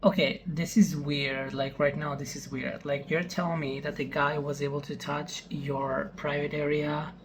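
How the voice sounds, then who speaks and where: A reaction host thinks aloud and sounds skeptical and incredulous. The commentary runs over a clearly noisy background. The pitch sits in a middle range. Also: level tone, moderate pace, few pauses.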